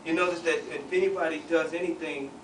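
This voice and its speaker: A man's voice: fairly high pitch, steady tone, fast. Man preaching in an echoey church. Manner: conversational, reads scripture with asides and audience call-and-response. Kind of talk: sermon. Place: church fellowship hall. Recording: echoey hall, distant mic, noisy.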